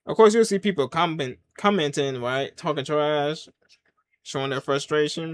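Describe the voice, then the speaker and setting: A man giving casual live reaction commentary while watching a wrestling show, swinging from loud excited yelps to low mutters in easygoing slang. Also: measured pace, no echo. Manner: casual slang, talks to himself and the chat. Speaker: wrestling watch-along reviewer.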